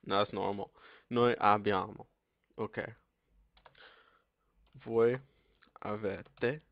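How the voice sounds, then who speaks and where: Halting young man teaching slowly. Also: lowish voice, fairly even intonation, creaky, dry recording. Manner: halting, many ums and pauses. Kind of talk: casual language lesson. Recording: dull lo-fi dry recording.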